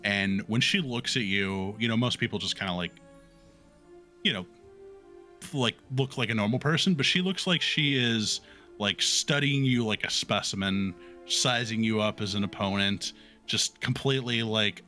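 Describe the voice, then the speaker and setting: A man's voice: on the low side, normal speed, sharp tone, soft background music. A man narrating as the game master of a tabletop game in a loose, rambling way, with many fillers.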